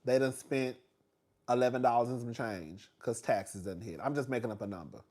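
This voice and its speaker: A man's voice: mid-range voice, moderate pace, darkish tone. A man in his forties giving casual, gossipy commentary on reality TV, laughing often and calling his listeners "girl.". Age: 40s.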